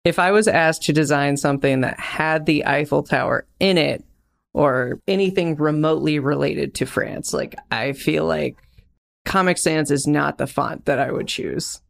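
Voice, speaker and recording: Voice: mid-range voice, normal speed, gravelly. A young adult co-hosting a podcast, talking in a casual chat that runs into enthusiastic, rambling tangents. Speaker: podcast co-host.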